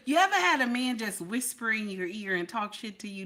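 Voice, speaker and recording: A middle-aged woman chatting casually with her livestream viewers, animated and playful, often laughing and repeating herself with a questioning "okay?". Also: on the high side, moderate pace, hardly any pauses. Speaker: livestream host.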